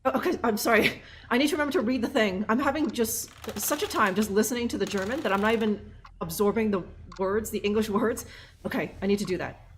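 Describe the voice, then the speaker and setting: A woman's voice: medium pitch, fast, a little hiss or hum. A woman streamer chatting and joking while playing a game live, reading subtitles aloud. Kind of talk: casual live game commentary.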